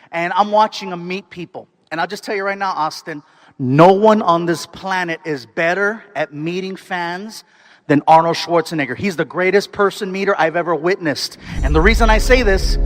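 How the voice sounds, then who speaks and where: A man performing stand-up comedy, telling a story in an animated way with bursts of excited shouting. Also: high voice. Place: stage before a live audience.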